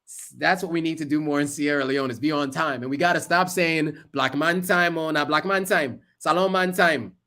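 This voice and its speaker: A man's voice: on the high side, a bit bright. A man giving earnest, casual advice to camera, listing tips with asides along the way. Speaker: vlogger.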